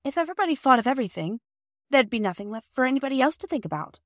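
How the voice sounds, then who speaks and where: A woman voicing the sensible eldest girl, calm and soothing with her younger siblings. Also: mid-range voice, a little fast, no room sound, studio quality, pitched above the performer's own voice, lightly acted.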